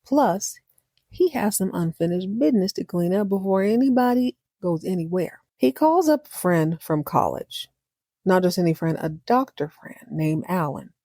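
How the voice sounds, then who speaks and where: A woman hosting a TV recap podcast, animated and slangy with joking asides. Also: fairly low pitch, moderate pace, dry recording, studio quality. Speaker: podcast host. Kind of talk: TV episode recap.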